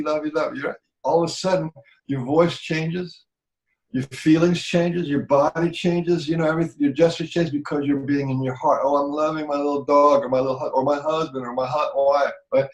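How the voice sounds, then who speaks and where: A man's voice: mid-range voice, darkish tone. Guy explaining a healing method, keeps asking if you get it, roomy echo, mid voice. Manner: earnest, repetitive, keeps checking understanding. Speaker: healing teacher. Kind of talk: explaining a teaching in conversation.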